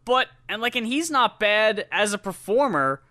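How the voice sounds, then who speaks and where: A man's voice: sits high, expressive, normal speed, bright, forceful tone. A man co-hosting a podcast, joining in with joking, sarcastic banter in casual chat. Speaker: podcast co-host.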